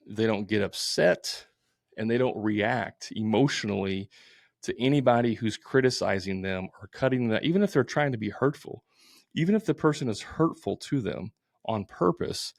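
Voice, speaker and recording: A man's voice: mid-range voice, creaky, darkish tone, no room sound, clean studio sound. A man hosting a solo podcast, talking bluntly and informally, repeating his points with plenty of fillers. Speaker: podcast host.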